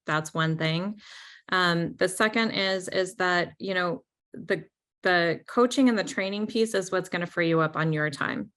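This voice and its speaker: Chatty woman with a lower voice. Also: measured pace, a bit bright. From New York. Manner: chatty, many "like" and "right?" fillers. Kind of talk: casual business podcast talk.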